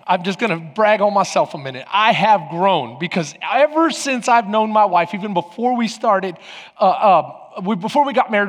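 A man in his forties preaching as a pastor, telling funny family stories in an animated, joking way and acting out voices. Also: sits high. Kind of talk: humorous sermon storytelling. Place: large church sanctuary. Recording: reverberant church hall.

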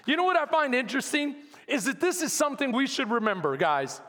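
A man preaching as a pastor, animated, acting out complaining voices and shouting at peaks. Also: very high-pitched, a little fast, big-room sound. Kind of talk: sermon.

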